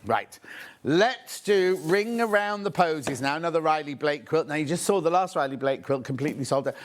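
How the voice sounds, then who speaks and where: Male shopping presenter, chatty and gushing, lively swooping pitch. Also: normal speed. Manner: chatty, gushing, thinks aloud while unpacking. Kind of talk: live sales presentation.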